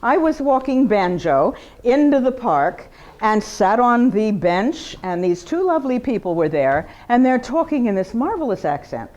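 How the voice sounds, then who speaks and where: A woman who paints portraits, giving an informal, chatty talk about her work to a live audience in an art gallery, with big swings of pitch for emphasis. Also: sing-song, normal speed, a little mellow, dull audio.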